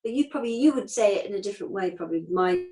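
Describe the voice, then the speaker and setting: Speaking very fast with expressive intonation, a fifty-something acupuncturist chats as an interview guest, plainly and directly, using homely everyday comparisons. Her mid-range voice has a darkish tone, and the audio is poor.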